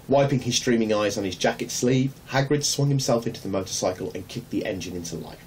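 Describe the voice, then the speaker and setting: A man reading a children's novel aloud in a measured, gentle storytelling manner. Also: on the low side. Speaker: narrator. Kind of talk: audiobook reading. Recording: distant mic, faint hum.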